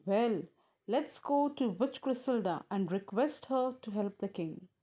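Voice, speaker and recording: A woman's voice: medium pitch, animated, unhurried, warm tone. A woman reading as earnest royal wise men. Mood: pleading. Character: group of old male wise counselors, pleading.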